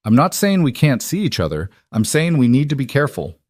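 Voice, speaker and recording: A man reading the lines of an anxious young businesswoman in a secret romance, in a soft pleading manner. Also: medium pitch, big pitch swings, a little fast, no room sound, clean studio sound, voice pushed up. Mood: earnest.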